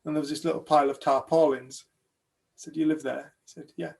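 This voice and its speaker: Animated British male storyteller, gravelly voice, acts out the dialogue. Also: a little high, fairly quick. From United Kingdom. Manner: animated storyteller, acts out other people's lines. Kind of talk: telling a personal story to a group.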